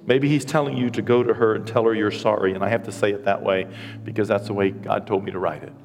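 A man's voice: on the low side, steady tone, fast, darkish tone, faint music behind. Older guy pastor preaching, earnest and teary, pokes fun at himself, long church echo. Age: 60s. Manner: earnest, emotional, self-deprecating. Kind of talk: sermon. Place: church sanctuary.

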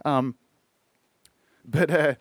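A man's voice: fairly high pitch, drawn-out words, no echo. A man hosting a casual music podcast, rambling and swearing often, full of fillers and restarts. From Australia. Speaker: podcast host.

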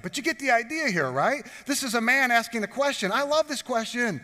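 A pastor preaching a sermon, joking and drawing the congregation in with questions. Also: male voice, very high-pitched, expressive, brisk, bright, forceful tone, long reverb tail. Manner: jokey, talks with the congregation.

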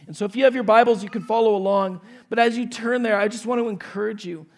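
A man in his forties, a pastor, telling a lively personal story in a sermon and acting out the dialogue. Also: sits high, fast talker. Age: 40s.

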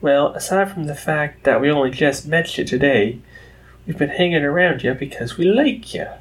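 A man's voice: fairly high pitch, animated, moderate pace, voice pushed up, lightly acted. Man doing folksy country farm pony girl. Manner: country drawl. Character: friendly female farm pony, polite, folksy.

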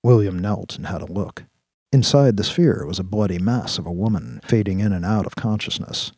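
Deep, husky-voiced male narrator. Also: moderate pace, no echo, studio quality. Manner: steady storytelling. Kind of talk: scripted audiobook narration.

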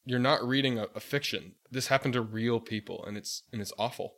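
A man co-hosting a casual podcast, telling about the book in a grave, animated way. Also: medium pitch, a little fast. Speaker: podcast co-host.

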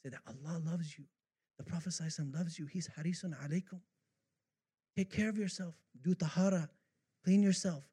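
A man's voice: on the high side, quick pace, long pauses, warm tone, slightly rough. A man preaching a devotional sermon, reciting poetry with fervor and repeating himself as the feeling builds. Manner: impassioned, rising to fervent recitation of poetry.

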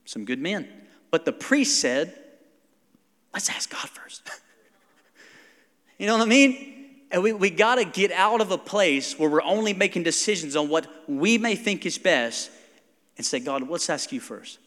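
A man, a pastor preaching a conversational, animated sermon and acting out quotes. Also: sits high, normal speed, long reverb tail.

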